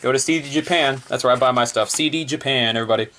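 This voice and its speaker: A man's voice: mid-range voice, racing, a bit bright, a little hiss or hum. A male reviewer talks through a book in a loose, offhand way. He rambles, laughs often and leans on repeated one-word fillers. The delivery is casual and unscripted.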